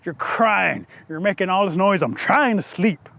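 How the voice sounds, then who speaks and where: A small male mole, grumpy at being woken but wise and sly, speaks in a dry, knowing tone, put on by a male storyteller. The voice sits fairly high, and he talks slowly at times. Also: creaky, sharp tone, heavily acted. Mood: matter-of-fact.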